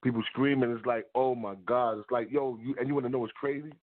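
Excited man, casual vlog monologue, shout-outs, thin lo-fi sound. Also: medium pitch, fast. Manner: hyped, repetitive shout-outs. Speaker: video blogger. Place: New York. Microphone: close to a mic.

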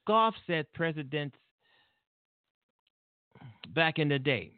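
An angry male talk show host delivers heated political commentary, profane and rambling, with frequent restarts. His voice is a little high, animated and slow with a clean tone, though the dry line sounds thin and tinny, like a phone. There's no room sound.

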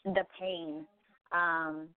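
A woman hosting a reflective spiritual talk show, thoughtful and pausing often. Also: fairly low pitch, flat delivery, smooth, no echo. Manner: thoughtful, many filler pauses. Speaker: podcast host. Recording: tinny phone-line sound.

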